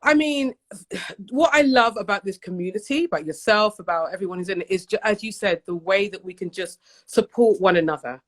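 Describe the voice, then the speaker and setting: A woman's voice: medium pitch, brisk. Bubbly British woman guest on video call. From United Kingdom. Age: 40s. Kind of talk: casual livestream chat.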